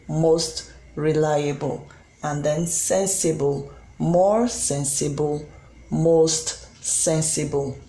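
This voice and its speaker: An English tutor giving a recorded grammar lesson, slow and deliberate, spelling out letters and pausing on frequent ums. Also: mid-range voice, mellow. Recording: roomy echo with faint background hum.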